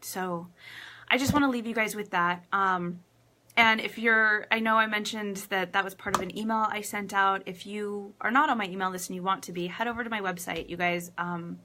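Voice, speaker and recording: Relationship coach, woman, bright open voice, chatty, acts out her stories, emotional at times. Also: mid-range voice, normal speed. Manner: animated storytelling, acts out quotes; laughs often, emotional. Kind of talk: casual talk to camera.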